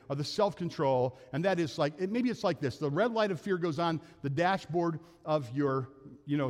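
An older man preaching a sermon as pastor, telling earnest, folksy stories from his own life. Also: fairly high pitch. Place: church sanctuary. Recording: long church hall reverb.

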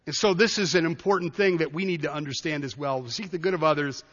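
A pastor preaching a sermon, animated and humorous, swinging from quiet asides to loud declarations. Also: male voice, a little high, fast talker, few pauses. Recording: dull audio with long hall reverb.

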